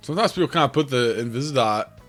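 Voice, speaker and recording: A man chatting casually as he plays a game, with a rough morning voice, rambling and thinking aloud. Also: mid-range voice, animated, quick pace, a bit bright, soft background music. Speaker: game streamer. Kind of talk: casual gameplay commentary.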